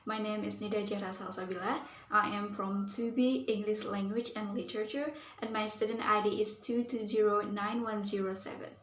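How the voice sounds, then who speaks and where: A woman's voice: medium pitch, fairly even intonation, moderate pace, few pauses, slight background noise. A young woman, a university student, gives an explanatory class presentation, earnest and thinking aloud with frequent fillers like "like" and "um". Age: young adult. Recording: roomy echo.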